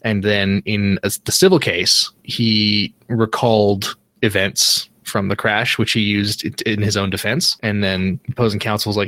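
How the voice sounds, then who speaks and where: Man, from Canada, podcast co-host, lowish voice, dry close mic, explanatory, restarts phrases. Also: little pitch movement, moderate pace, few pauses, a bit bright, no echo. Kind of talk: casual chat about legal trivia.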